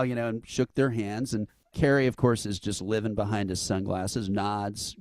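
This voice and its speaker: A man sits for a podcast interview and tells a story with lively energy, acting out the lines of the people in it. His voice sits at a middle pitch. The sound is dry and close, with no room around it. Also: a little slow, no echo. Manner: animated storyteller who acts out quotes with laughs. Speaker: interview guest, event founder. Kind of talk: casual anecdote telling.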